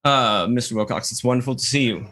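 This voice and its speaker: A man's voice: mid-range voice, fast talker, sharp tone, lightly acted. A man as a suave, genteel investigator. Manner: genteel, old-fashioned phrasing. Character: suave well-dressed male investigator.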